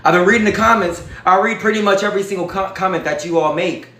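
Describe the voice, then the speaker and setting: A high-pitched man speaks straight to his viewers in a casual, emphatic, preachy way, often turning to them with y'all. His voice rings around a noticeably echoey room. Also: fast, pushed and bright. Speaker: vlogger. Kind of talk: casual direct-to-camera talk.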